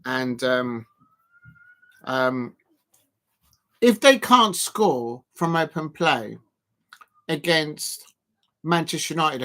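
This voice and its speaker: Lifting weights while hosting a casual football watch-along live stream, a man rambles, chats and laughs a lot. His voice is fairly high and a bit bright.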